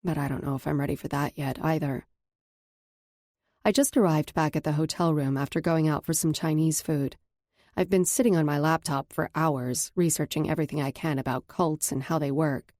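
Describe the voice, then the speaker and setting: A woman narrating a first-person romance audiobook in an intimate, measured way. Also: low-pitched, steady tone, darkish tone, dry recording, studio quality.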